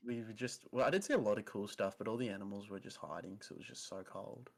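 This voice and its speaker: A man's voice: lowish voice, quick pace, gravelly. A man co-hosting a podcast, chatting casually and telling rambling, easily sidetracked stories. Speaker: podcast co-host. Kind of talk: casual chat.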